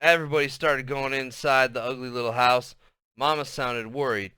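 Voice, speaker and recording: Bright, crisp male storyteller. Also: medium pitch, fairly even intonation, normal speed, no echo, studio quality. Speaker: audiobook reader. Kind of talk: storybook narration.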